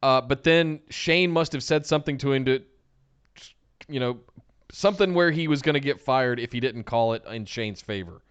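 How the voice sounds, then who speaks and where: Exasperated man with a smooth voice. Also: mid-range voice, normal speed, lo-fi sound. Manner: exasperated, short emphatic reactions. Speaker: podcast co-host. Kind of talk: casual wrestling podcast chat.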